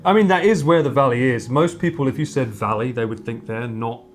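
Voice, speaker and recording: A woman's voice: rumbling low, a little fast. A woman hosting a casual chat, teasing her guest and laughing often. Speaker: host.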